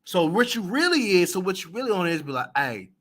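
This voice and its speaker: A man's voice: sits high, sing-song, quick pace, a bit bright. A man hosting a reaction stream, talking bluntly in slang and repeating lines for emphasis. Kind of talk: casual reaction commentary.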